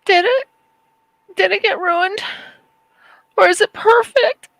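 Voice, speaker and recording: Teary high-voiced woman chatting slowly on a craft stream, bright voice, dry close sound. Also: gravelly, no room sound, rough recording. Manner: emotional, apologetic, perfectionist. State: tearful. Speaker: craft channel host. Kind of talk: casual live-stream chat while crafting.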